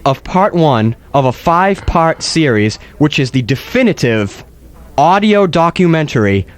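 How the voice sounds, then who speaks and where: A man's voice: on the high side, big pitch swings, unhurried. A man hosting a comedic radio show, rambling and playful with mock-dramatic asides.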